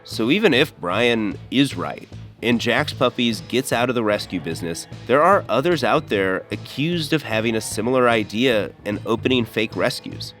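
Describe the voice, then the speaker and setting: A man hosting a podcast, reading scripted investigative narration in a measured, earnest way. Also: mid-range voice, expressive, fairly bright tone, faint music behind. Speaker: podcast host and reporter.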